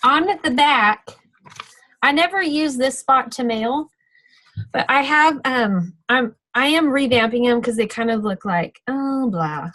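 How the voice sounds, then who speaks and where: A woman's voice: high-pitched, unhurried, pushed and bright, no room sound, low-quality recording. A woman giving a casual, practical training talk on a video call, chatty and full of fillers and self-corrections. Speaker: sales team trainer.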